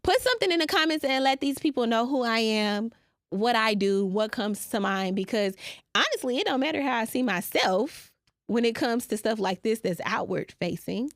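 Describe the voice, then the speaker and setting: A woman's voice: fairly high pitch, expressive, normal speed, no room sound, clean studio sound. A woman, hosting a podcast in a brash, profane, playful monologue. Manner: brash, profane and playful, talking straight to listeners. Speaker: podcast host. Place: small podcast studio. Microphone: studio microphone.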